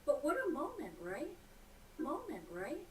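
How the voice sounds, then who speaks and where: A woman's voice: high voice, wildly swooping pitch, unhurried, recorded from a distance, a little hiss or hum, rough recording. A woman interviewing a family, asking long leading questions. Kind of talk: television interview.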